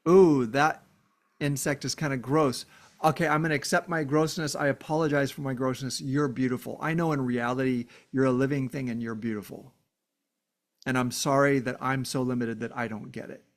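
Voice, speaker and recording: Male vlogger, earnest heartfelt monologue, emphatic, medium voice. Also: mid-range voice. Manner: earnest, emphatic, addresses viewers directly. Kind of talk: casual heartfelt monologue to camera.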